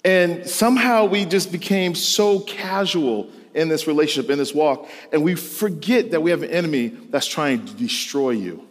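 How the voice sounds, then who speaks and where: A man's voice: fairly high pitch, animated, normal speed, hardly any pauses. Preaching man with a ringing hall echo. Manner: storytelling, emphatic, rising to exclamations. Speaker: pastor. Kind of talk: sermon to students.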